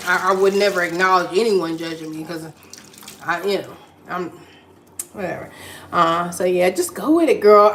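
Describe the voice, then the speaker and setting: Woman, live-stream host at home, warm chatty encouragement, repeats herself; phone audio in a reverberant room. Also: lowish voice, a little hiss or hum. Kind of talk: casual chat reading viewer comments. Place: at home while cleaning. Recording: echoey room.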